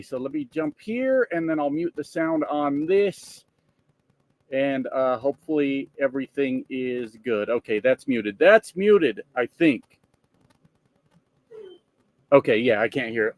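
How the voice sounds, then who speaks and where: A man's voice: a little high, a little slow, dry recording. A man casually live streaming from his truck, greeting viewers by name and joking with plenty of profanity. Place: truck cab.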